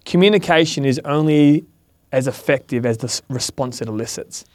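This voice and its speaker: A man's voice: medium pitch, brisk, a little mellow, dry recording, studio quality. A man on a podcast giving candid, earnest advice, swearing now and then and acting out quoted lines. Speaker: podcast guest, mentor. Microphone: studio mic.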